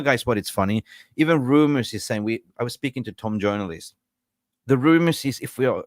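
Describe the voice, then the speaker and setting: A man's voice: medium pitch, no echo, studio quality. A man hosting a casual football live stream, chatty and rambling, ranting in frustration with jokes and greeting viewers.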